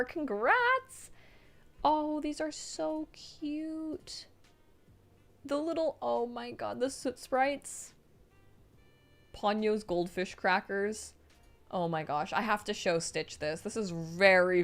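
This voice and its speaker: A woman streamer reading viewer messages aloud on a live stream, reacting with excitable, gushing praise and casual swearing. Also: mid-range voice.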